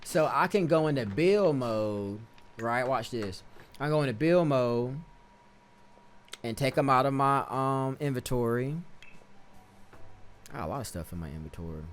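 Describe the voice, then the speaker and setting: A man's voice: mid-range voice, lively intonation, measured pace, long pauses. A man streaming a life-sim game, giving casual, slangy commentary and often stopping to correct himself.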